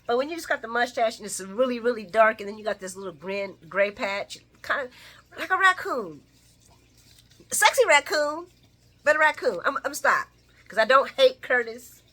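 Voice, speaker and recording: Lively, bright-voiced woman recapping soaps. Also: a little high, moderate pace. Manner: animated, laughing, talks back to characters. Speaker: soap opera recap host. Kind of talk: casual recap chat.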